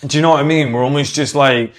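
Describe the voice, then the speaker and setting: A man's voice: mid-range voice, steady tone, quick pace. A British man giving a casual, opinionated monologue. He talks with emphasis, swears freely and acts out the people he quotes. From Britain. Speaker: podcast host.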